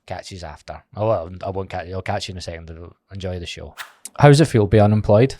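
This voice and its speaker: A man's voice: low voice, fast, mellow. A Scottish man in his twenties with a Glasgow accent, hosting a casual podcast chat, joking, teasing and swearing freely. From Scotland. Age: 20s. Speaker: podcast host.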